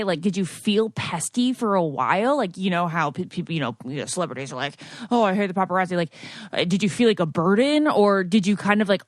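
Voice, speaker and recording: Low-voiced woman hosting a podcast. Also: no room sound, clean studio sound. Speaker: podcast host. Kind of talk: casual interview.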